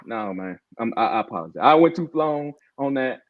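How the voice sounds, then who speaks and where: In a brisk, expressive, mid-range voice, a podcast co-host gives a heated, emphatic sports rant. Fired up, he keeps calling the others "bro" and frequently says "y'all," and the lo-fi audio sounds dull.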